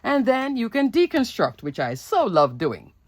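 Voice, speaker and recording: A woman's voice: fairly high pitch, wildly swooping pitch, moderate pace, no echo. A woman hosting her own craft channel, chatting enthusiastically as she shows off card after card, with lots of asides. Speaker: papercraft channel host. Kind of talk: casual show-and-tell of handmade cards.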